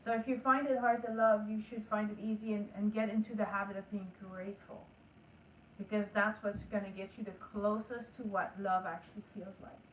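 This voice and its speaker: A woman's voice: mid-range voice, little pitch movement, fairly quick, a little hiss or hum. A woman teaching a spiritual lesson in an earnest, coaching way, acting out the inner talk she asks listeners to have with themselves. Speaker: energy work teacher. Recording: echoey room, voice heard from a distance.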